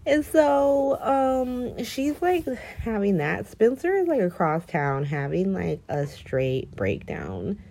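A woman recapping soap opera episodes in a gossipy, animated chat, acting out the characters' lines. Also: mid-range voice, takes it slowly. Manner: gossipy, animated, quotes characters in mock voices, laughs often.

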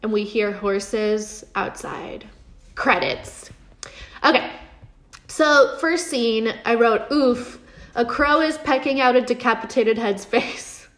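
A woman casually recapping a TV episode in a chatty way, full of fillers and quick laughs. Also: fairly high pitch, fairly bright tone. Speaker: show recap host. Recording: roomy echo.

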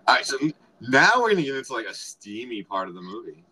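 Male co-host, bright and rambling, casual retelling of film scenes. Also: medium pitch, very animated, fast, husky, low-quality recording. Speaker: podcast co-host. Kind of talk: casual movie review chat.

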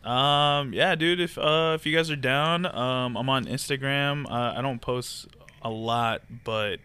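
A man's voice: medium pitch, measured pace, sharp tone, clean tone. A man who is a guest on a casual podcast, easygoing and a bit hesitant. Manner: easygoing, hesitant, lots of fillers.

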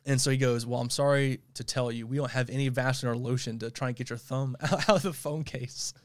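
A man co-hosting a podcast, telling a story in casual chat, animated, laughing often and stumbling over repeated words. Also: mid-range voice, a little fast. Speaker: podcast co-host.

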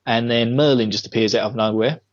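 A man's voice: fairly even intonation, a little fast. A man co-hosting a casual podcast chat on a headset, recapping an episode and laughing often. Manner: giggly, acts out quotes in high voices. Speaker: podcast co-host. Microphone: Bluetooth headset. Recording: dull lo-fi headset audio.

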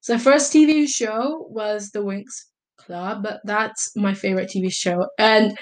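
A woman's voice: medium pitch, fairly even intonation, unhurried. A young woman from Italy answering casual vlog questions, rambling and hesitant, with lots of fillers and self-corrections. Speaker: vlogger.

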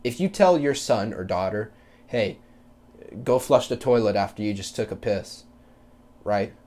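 A young man hosting a solo podcast, ranting bluntly and profanely about kids and school, with loud mocking quotes. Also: fairly low pitch, animated, a little slow. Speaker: podcast host. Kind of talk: casual solo podcast rant.

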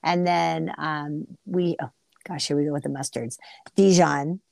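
A woman's voice: deep voice, measured pace, vocal fry, no room sound. Chatty middle-aged woman, dry sound. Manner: chatty, rambling, animated storyteller. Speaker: podcast co-host. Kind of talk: casual chat.

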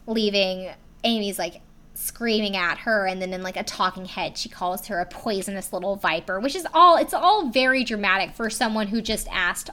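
A woman's voice: medium pitch, sharp tone. A young woman casually recapping a story, filling her talk with "like" and dropping the odd swear word. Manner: chatty, lots of "like" fillers, casual swearing. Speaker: video recapper.

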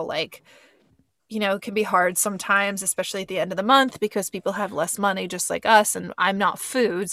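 A woman talks her way through a podcast recap in a loose, rambling manner full of "um" and "like." Her voice has a gravelly, fry-tinged edge. The sound is close and dry. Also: medium pitch, a bit bright, no room sound. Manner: chatty and rambling, with many fillers. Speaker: podcast host. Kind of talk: casual podcast chat.

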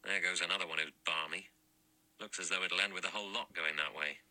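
A man doing a blunt, gruff ex-inspector. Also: sits low, fairly even intonation, a little fast, bright, forceful tone, no room sound, poor audio. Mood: dry.

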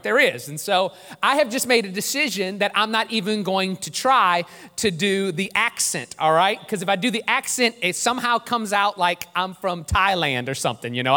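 A man preaching a sermon as pastor, lively and joking, drawing the congregation in. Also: sits high. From New Orleans. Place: church sanctuary. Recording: long church reverb.

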